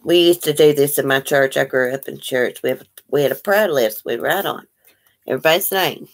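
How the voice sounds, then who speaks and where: Woman livestream host, deep voice, chatty, reads comments aloud. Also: a little fast. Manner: chatty, reads out viewer comments and greets them. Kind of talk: casual livestream chat.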